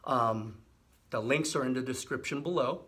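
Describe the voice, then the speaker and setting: A middle-aged man hosting a health channel, explaining and demonstrating a hand exercise in a relaxed, repetitive way with frequent fillers. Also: medium pitch, normal speed. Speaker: physical therapy host. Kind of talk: casual instructional demonstration.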